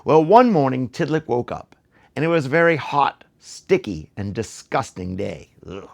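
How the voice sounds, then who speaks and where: A man's voice: mid-range voice, big pitch swings, moderate pace, gravelly, a little mellow. A man telling a folk tale to children, playful and theatrical, speaking straight to the audience. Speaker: children's storyteller. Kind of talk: animated storytelling for children.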